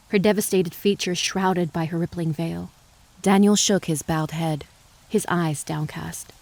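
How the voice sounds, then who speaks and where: A woman giving measured, dramatic audiobook narration of a western novel. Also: on the low side, no room sound. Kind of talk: scripted narration.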